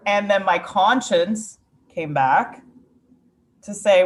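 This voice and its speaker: A woman's voice: medium pitch, slow. A woman poet from Ukraine, telling a candid, reflective story in a casual interview, with frequent "like" fillers.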